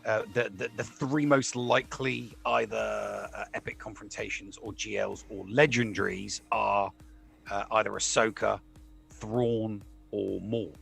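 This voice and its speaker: A man's voice: on the low side, fairly even intonation, a little slow, gravelly, a bit bright, slightly rough, faint music behind. A man chatting casually about a game, hesitant, with many fillers and restarts. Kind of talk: casual chat.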